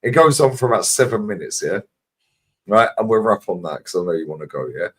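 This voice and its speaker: A man's voice: on the low side, animated, a little fast, a bit bright. A man co-hosting a live stream, telling stories in a rambling, slangy way and checking in with his listener. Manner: rambling, slangy storytelling that keeps checking in with "yeah?". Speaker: stream co-host. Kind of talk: casual chat on a live stream.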